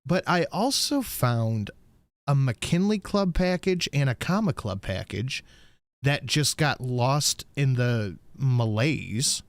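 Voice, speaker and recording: A man's voice: mid-range voice, lively intonation, takes it slowly, no echo. Laid-back man telling a rambling story. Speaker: podcast host. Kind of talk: casual chat.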